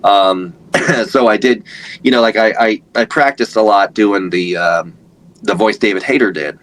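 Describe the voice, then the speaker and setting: Low-voiced rambling man, voice actor. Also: measured pace, fairly bright tone, low-quality recording. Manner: rambling, many fillers and restarts. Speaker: voice actor guest. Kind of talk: casual interview talk.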